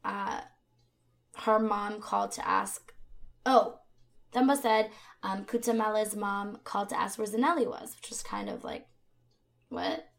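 A woman with a gravelly, fry-laden voice narrates a true crime case for a podcast. She talks in a conversational way, with frequent fillers and asides to her co-host, at a middling pitch. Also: lively intonation, unhurried, long pauses.

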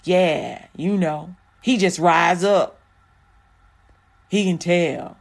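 A woman's voice: fairly low pitch, very slow, gravelly, exaggerated voice. A woman voicing a boastful man, smug and knowing. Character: boastful man bragging about his instincts.

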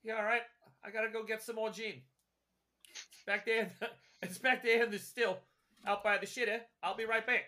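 A man putting on a rough Australian accent to voice a crude, easygoing outback barkeep. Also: sits high, fairly even intonation, moderate pace, pauses often, sharp tone, voice pushed up. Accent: put-on Australian.

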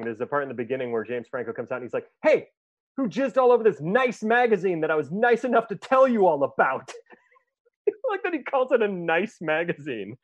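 Laughing, swearing man with a higher voice. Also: no room sound, muffled recording. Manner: laughs often, swears freely, animated retelling. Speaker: podcast host. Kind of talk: casual chat reviewing movie clips.

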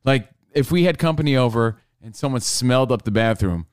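Man joking on a podcast, lively pitch. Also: brisk, dry recording, clean studio sound. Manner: joking, acts out voices of others. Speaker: podcast co-host. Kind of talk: casual chat.

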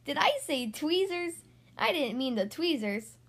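A woman's voice: high voice, animated, a little slow, fairly bright tone, heavily acted. A woman voicing a kind young girl who plays toy doctor, sweet and earnest, in a storybook reading. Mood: gentle.

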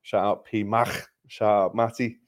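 A young man hosting a football podcast, chatting casually in an upbeat way, telling stories and giving shout-outs. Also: lowish voice, little pitch movement, measured pace. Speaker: podcast host.

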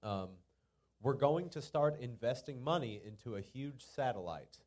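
A man's voice: medium pitch, animated, measured pace, a little mellow. A man co-hosting a podcast, teasingly quizzing his friend in a casual chat. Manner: teasing quiz asker. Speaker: podcast co-host.

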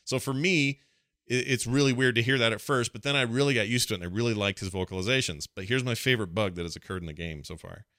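A man co-hosting a casual gaming podcast, animated and quick to laugh. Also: medium pitch, dry recording, clean studio sound. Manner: animated, laughs often, does quick voice impressions. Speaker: podcast co-host.

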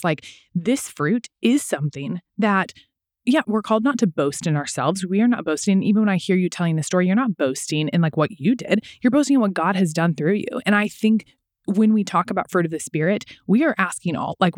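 A woman's voice: mid-range voice, a little mellow, no echo, clean studio sound. A woman co-hosting a faith podcast, speaking in an earnest, reflective and encouraging way. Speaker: podcast co-host. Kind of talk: casual faith podcast chat.

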